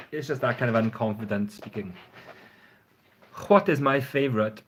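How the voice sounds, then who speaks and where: A man's voice: mid-range voice, normal speed, long pauses. A man chatting casually and frankly on a phone livestream, rambling and swearing now and then. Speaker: fragrance reviewer. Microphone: phone front camera.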